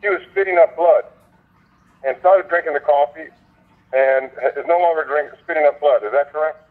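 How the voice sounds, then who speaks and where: A man's voice: on the high side, normal speed. A man hosting a conference call, speaking in a fervent, preacher-like way and repeating his points for emphasis. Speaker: host of a sales conference call. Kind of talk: motivational preaching. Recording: phone line.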